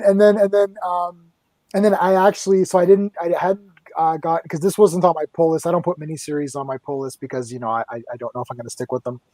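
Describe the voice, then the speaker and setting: A man from Canada, a guest in a casual fan interview, who tells his stories in a chatty, lively way. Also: on the high side, no room sound.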